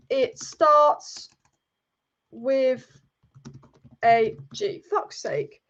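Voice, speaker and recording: Livid high-voiced woman venting on a live stream, keeps repeating herself, kinda dull lo-fi audio. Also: extremely slow, pauses often, bright, forceful tone. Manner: furious, exasperated, repeats herself. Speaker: football channel host.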